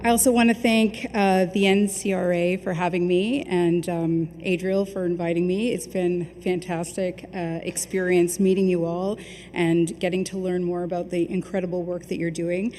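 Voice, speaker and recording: A woman hosting an awards ceremony, speaking warmly with frequent ums as she thanks winners and crew. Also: lowish voice, level tone, normal speed. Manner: warm, chatty, with frequent ums. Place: large hall at an awards ceremony. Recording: reverberant hall with faint noise.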